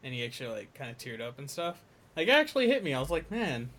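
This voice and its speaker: Male podcast co-host, casual, animated with loud outbursts. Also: racing. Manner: animated, swings from low mumbles to loud exclamations. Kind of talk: casual chat.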